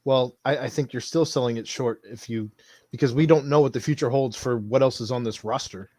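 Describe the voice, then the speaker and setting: A man's voice: mid-range voice, brisk, warm tone, no room sound. A man hosting a casual sports podcast, talking in an easygoing, teasing way. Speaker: podcast host.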